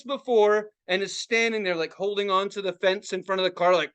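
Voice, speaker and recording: A man co-hosting a podcast, telling a story in casual, excitable, profane chat. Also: sits high, fairly quick, clean tone. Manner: profane, excitable, acts out other people's reactions. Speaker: podcast co-host.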